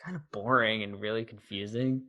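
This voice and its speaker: A man's voice: lowish voice, fairly even intonation, fairly quick, sharp tone. Man chatting and laughing on a podcast. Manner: laughs often, acts out movie scenes. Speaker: podcast co-host. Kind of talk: casual chat.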